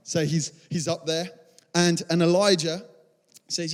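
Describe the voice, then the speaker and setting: A young man preaches a sermon, spinning the story with animated voices for each character. His voice sits high and bright. Long church-hall reverb trails every phrase. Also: measured pace, long pauses. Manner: animated storytelling, acts out quotes. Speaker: pastor.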